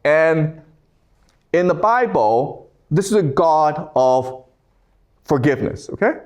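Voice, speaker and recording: A man's voice: a little high, lively intonation, slow pace, a little mellow. A middle-aged man giving a classroom lecture, reading scripture aloud and then paraphrasing it casually, often checking in with "okay?".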